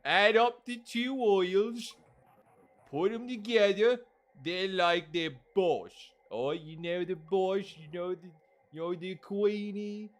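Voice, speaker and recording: A man's voice: high-pitched, drawn-out words, long pauses, pitched above the performer's own voice. A man voicing a rude, toothy male mouth creature in a video game, trading crude insults in a wobbly put-on British accent. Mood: shouting. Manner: shouting, hostile, crude insults.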